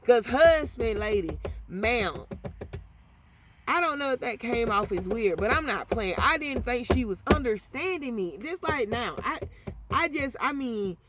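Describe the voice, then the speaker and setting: A woman telling a story in a casual storytime vlog, animated and slangy. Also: fairly high pitch, unhurried, noisy background. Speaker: vlogger.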